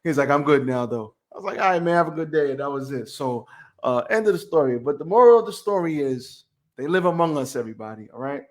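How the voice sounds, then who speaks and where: A man's voice: fairly high pitch, animated, fast. A man co-hosting a podcast, telling stories in a laid-back, slangy way. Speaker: podcast co-host. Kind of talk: casual chat, storytelling. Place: home studio on camera.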